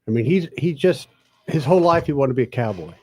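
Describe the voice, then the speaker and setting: A man co-hosting a casual radio talk show, chatty and quick to chime in with short agreement. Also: medium pitch, expressive, dark tone, husky, no room sound, soft background music. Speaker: radio co-host.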